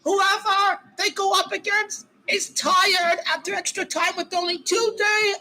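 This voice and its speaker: Very high-voiced excitable woman streamer. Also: unhurried. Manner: excitable, shouting, repetitive exclamations. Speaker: livestream host. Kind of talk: live match watch-along reaction.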